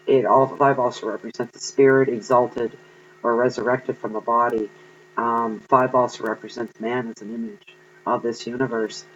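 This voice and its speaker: A man giving an earnest, encouraging tarot reading to viewers, pausing often with ums. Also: medium pitch, little pitch movement, a bit bright, dull audio, a little hiss or hum. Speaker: tarot card reader.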